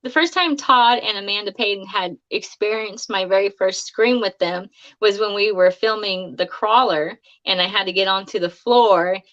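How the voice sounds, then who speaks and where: A woman speaks as a guest on a casual live stream, recounting anecdotes in a chatty, laughing way. Her voice is bright and forward, but the stream audio sounds dull and lo-fi. She talks at a middling pitch for a woman. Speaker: guest actress.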